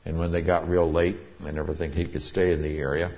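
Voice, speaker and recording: A man with a very low, deep voice preaches a sermon. He teaches in a loose, conversational way, stopping to explain Greek words from Scripture. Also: little pitch movement, fast, a little mellow. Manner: conversational Bible teaching with Greek word studies. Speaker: pastor.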